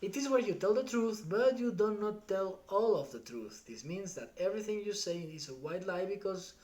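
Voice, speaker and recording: A streamer reading a novel aloud live in steady first-person storytelling. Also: mid-range voice, moderate pace.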